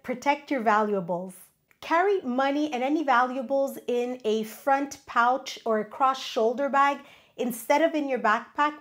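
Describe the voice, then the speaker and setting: A woman hosting a travel safety tips video in an upbeat, instructive way, her voice nasal from a cold. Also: high-pitched. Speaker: travel vlog host.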